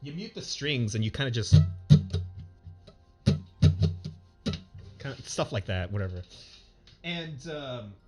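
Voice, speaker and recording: A man in the middle of pitch tells a personal story off the cuff. He rambles, restarts and stacks up fillers, and slips into chuckles as he goes. It sounds like a streamer chatting to his audience from his home setup. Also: sing-song, takes it slowly, long pauses, darkish tone, soft background music. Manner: rambling, many fillers and restarts, laughs while telling. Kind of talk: casual storytelling.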